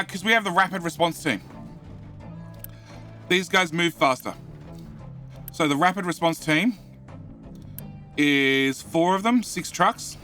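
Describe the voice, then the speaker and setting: An Australian man live-streaming a game, his voice sitting a little high and sounding bright and forceful. He rambles along, repeats phrases and drops into low mutters while he works, with faint music playing behind him. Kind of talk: casual live-stream commentary, answering chat.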